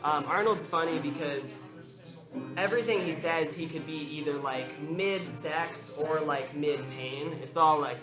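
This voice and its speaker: Young guy doing open mic standup, kinda high voice, lots of ums, echoey room w/ music. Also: unhurried. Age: young adult. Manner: rambling, filler-heavy, laughs at his own jokes. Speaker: stand-up comedian.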